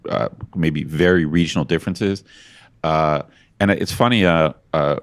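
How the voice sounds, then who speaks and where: A man's voice: extremely low pitch, normal speed. A man co-hosting a podcast in casual chat, rambling and self-deprecating with lots of restarts. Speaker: podcast co-host.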